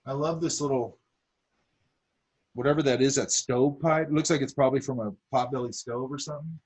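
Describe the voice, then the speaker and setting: A man's voice: mid-range voice, fairly even intonation, brisk, a little mellow, slightly rough. A man teaching a drawing class, talking casually as he sketches, with lots of fillers and asides. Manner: talks while drawing, many fillers and asides. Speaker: art instructor.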